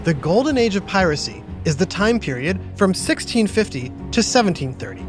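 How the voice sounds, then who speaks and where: A man hosting a children's educational podcast, narrating in an upbeat, animated way for kids. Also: sits high, fairly quick, soft background music. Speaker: host.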